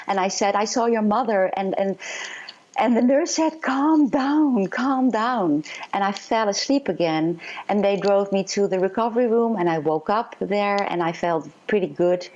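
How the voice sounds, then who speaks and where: A woman psychic medium telling her story in an interview, earnest and halting, with many fillers. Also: lowish voice, darkish tone, lo-fi sound.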